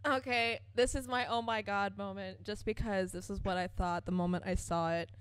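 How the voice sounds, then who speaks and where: A young woman co-hosting a casual podcast. She explains her thoughts on a cartoon episode in an unhurried way and laughs easily. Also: medium pitch, steady tone, clear, resonant tone. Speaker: podcast co-host. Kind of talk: casual chat about a cartoon.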